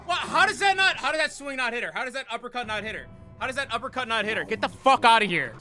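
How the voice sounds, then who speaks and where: A man streaming a fighting game live, swearing and shouting in frustration as he plays. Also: extremely high pitch, lively intonation, fast talker, music in the background. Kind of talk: live gameplay commentary.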